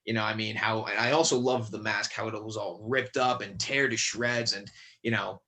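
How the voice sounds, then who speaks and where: A man's voice: fairly low pitch, fairly even intonation, normal speed, pushed and bright. A man guesting on a podcast, chatting casually about acting and horror films, rambling with many fillers and restarts. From Connecticut. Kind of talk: casual chat.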